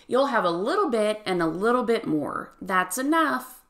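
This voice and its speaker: A teacher reading aloud as a patient village mother from a picture book, gently teasing her son. Her voice rises and falls in a lively way and stays at an ordinary pitch. She sounds mildly exasperated but kind. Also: normal speed. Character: warm village mother, adult woman, patient.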